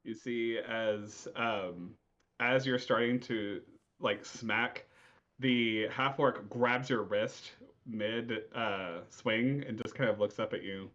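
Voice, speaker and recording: A man's voice: on the low side, takes it slowly, fairly bright tone. A man narrating as game master in a tabletop game, with loose, filler-heavy description. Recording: dull lo-fi recording.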